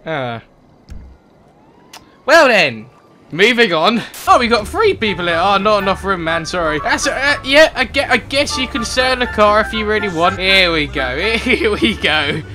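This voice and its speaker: Young man, gameplay commentary, high voice, slow drawl, excitable, sweary outbursts, game music behind. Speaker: gaming YouTuber.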